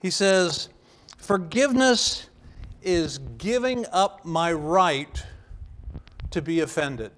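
A middle-aged man preaching a sermon as pastor, earnest and emphatic, with restarts and some throat clearing. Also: high-pitched, takes it slowly, pauses often. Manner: earnest, emphatic, builds to loud stressed phrases.

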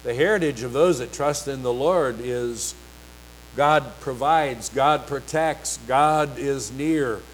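A man preaching a sermon, reading scripture slowly and emphatically, with rising, pleading passages. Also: mid-range voice, a little hiss or hum, poor audio.

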